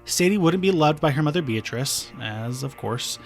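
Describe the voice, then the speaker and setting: A man's voice: fairly high pitch, animated, moderate pace, faint music behind. A man co-hosting a podcast, casually retelling a true-crime case with fillers and restarts. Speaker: podcast co-host.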